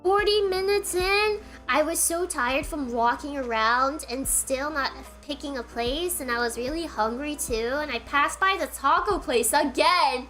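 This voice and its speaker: A woman's voice: high-pitched, unhurried, hardly any pauses, sharp tone, faint music behind. A woman streamer telling a rambling story in a casual, giggly way, full of filler words, with her throat getting tired. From United States.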